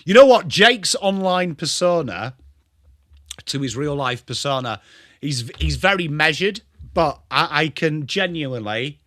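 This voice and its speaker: An English man hosts a live footy watchalong stream, chatting away and calling out viewers by name in bursts of excitement. His voice sits a touch high, with a bright, ringing edge. The sound is close and dry. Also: no echo. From England. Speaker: livestream host. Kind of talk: live sports watchalong chat.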